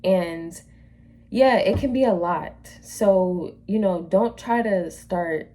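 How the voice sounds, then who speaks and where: A woman's voice: fairly low pitch, takes it slowly, warm tone. A woman hosting a reaction video, giving blunt, opinionated, slangy commentary on dating stories.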